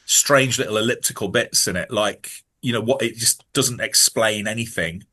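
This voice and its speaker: A man's voice: lowish voice, bright, forceful tone. A man co-hosting a casual film podcast, rambling and restarting his sentences often. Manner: rambling, halting with many restarts. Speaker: podcast co-host.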